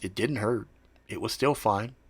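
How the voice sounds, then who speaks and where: A man telling an improvised first-person story in a relaxed, casual way, with frequent swearing. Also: fairly low pitch, breathy edge, no echo. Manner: relaxed, profane, drawn-out delivery.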